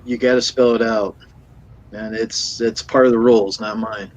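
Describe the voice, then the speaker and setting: A man's voice: lowish voice, flat delivery, moderate pace. A man hosting a casual live stream, reading and answering viewer chat and repeating himself. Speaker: live show host. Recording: dull lo-fi stream audio.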